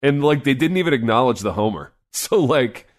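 A man's voice: mid-range voice, expressive, normal speed. A man co-hosting a sports podcast in casual chat, loose and rambling with lots of filler words.

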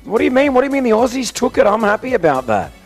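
A man hosting a live morning radio show, teasing his co-host and running a quiz at a brisk pace. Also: very high-pitched, sing-song, faint music behind. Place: hotel venue for a live broadcast.

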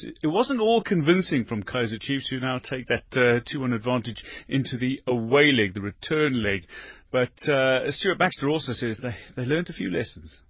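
Radio sports host in a dry studio. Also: male voice, mid-range voice, no room sound, muffled recording. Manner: long questions with small repeats. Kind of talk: radio sports interview and news.

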